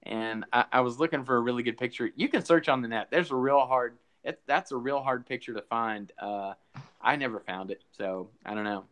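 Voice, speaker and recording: A man's voice: mid-range voice, a little fast, fairly bright tone, low-quality recording. A man co-hosting a podcast, rambling casually with lots of fillers and restarts, a little out of breath. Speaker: podcast co-host. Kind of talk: casual chat.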